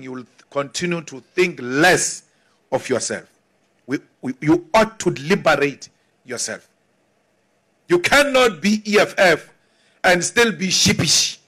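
A man giving a forceful, defiant political speech. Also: sits high. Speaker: politician addressing a crowd.

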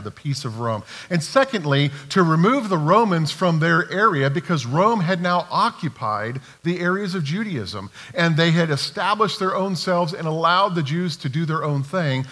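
A man preaching a sermon as pastor, animated and acting out the voices of the people he quotes. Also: on the high side, big-room sound. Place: church sanctuary.

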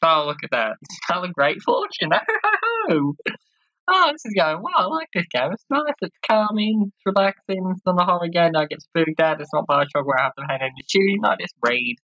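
A woman's voice: fairly low pitch, sing-song, moderate pace, fairly bright tone, no room sound. A woman giving casual commentary while playing a game, chatty and giggly, reading character lines aloud and trying out playful voices. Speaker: let's-play host. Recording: slightly dull lo-fi sound.

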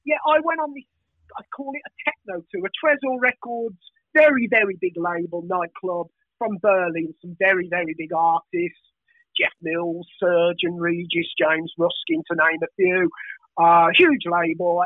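A man's voice: high-pitched, animated, moderate pace, no echo. A middle-aged man with a Birmingham accent, a guest telling rambling stories in casual chat, swearing freely and full of restless energy. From England. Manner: hyper, rambling, swears a lot, frequent laughs. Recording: tinny phone-like line.

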